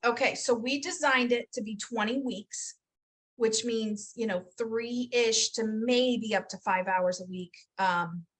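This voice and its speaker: A woman's voice: medium pitch, fairly bright tone. A woman hosting a casual video call info session, upbeat and chatty, teasing and laughing often. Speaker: host of a health coach program info session.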